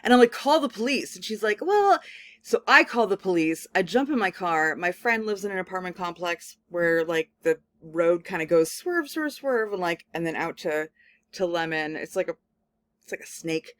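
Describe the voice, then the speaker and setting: Woman lecturer, conversational and animated, loose filler-heavy delivery, dry recording. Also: fairly low pitch, normal speed, no echo. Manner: casual, animated storytelling full of "like" fillers. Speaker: communication studies professor. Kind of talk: recorded lecture with personal anecdote.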